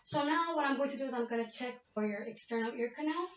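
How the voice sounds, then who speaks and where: A woman speaks quickly in a high, somewhat bright voice, with a little hiss or hum on the recording. She's a nursing student narrating a physical exam demonstration, explaining each step to the patient and repeatedly asking "okay?" The laptop webcam audio is muffled, roomy and distant.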